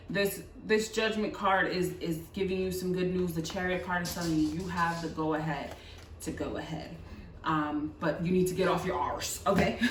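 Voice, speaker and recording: A woman's voice: low voice, a little hiss or hum. Chatty woman giving a tarot reading. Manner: chatty, repeats words, coaxing with "right?". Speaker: tarot reader. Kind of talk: pick-a-card tarot reading. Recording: echoey room, mic at a distance.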